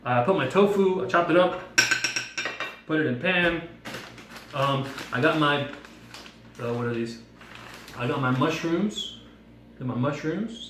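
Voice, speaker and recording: Animated man telling a story in an echoey room. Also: mid-range voice, slight background noise. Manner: animated storyteller, jokey and expressive. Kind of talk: playful devotional talk with props. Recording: echoey room, mic at a distance.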